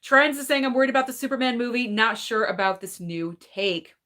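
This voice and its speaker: A woman hosting a casual live stream about movies, reading viewer comments and sharing her opinions in a chatty, hedging way with lots of "like" and "I don't know". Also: a little high. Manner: opinionated and animated, quick laughs. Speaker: movie channel host reading live chat.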